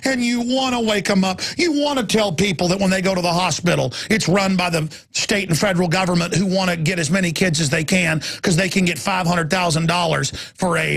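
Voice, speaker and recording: Ranting gravelly man on talk radio. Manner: ranting, swings between loud outbursts and low asides. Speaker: radio talk show host. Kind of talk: impassioned talk radio monologue.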